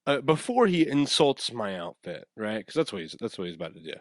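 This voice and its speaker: A man's voice: on the low side, fairly quick, dry recording, clean studio sound. A young man hosting a podcast, telling a story in a loose, rambling way and acting out what people said. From West Coast of the USA. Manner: animated, rambling, acts out quotes. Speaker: podcast host. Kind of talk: casual storytelling.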